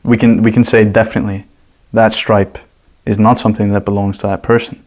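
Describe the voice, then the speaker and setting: A man's voice: fairly low pitch, little pitch movement, brisk, a little mellow. A man as a guest on a podcast, explaining his ideas casually and at length with examples. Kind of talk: casual conversational interview.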